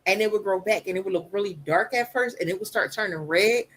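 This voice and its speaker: A woman with a soft voice, talking openly as a guest on a podcast. She speaks with emphasis and tells her story animatedly, repeating phrases to drive them home. Her pitch sits in a middle range. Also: quick pace, low-quality recording. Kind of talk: candid conversation.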